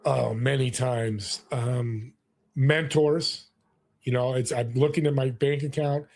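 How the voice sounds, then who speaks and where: Speaking slowly in a creaky, medium-pitched voice, a man in his sixties from California shares personal stories as a guest in a relaxed interview. He's an earnest, animated storyteller who frequently starts over mid-thought.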